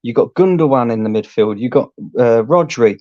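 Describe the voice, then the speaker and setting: Calm football fan man, dry dull sound. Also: medium pitch, normal speed, no echo. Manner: calm, explanatory, argumentative. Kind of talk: casual football chat.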